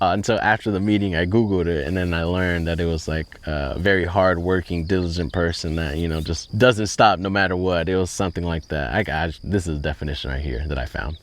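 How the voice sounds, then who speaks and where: Deep-voiced young man telling his story. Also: a little fast, few pauses, a bit bright. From Texas. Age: 20s. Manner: chatty, earnest, reenacts conversations. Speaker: farm owner. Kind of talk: casual storytelling vlog.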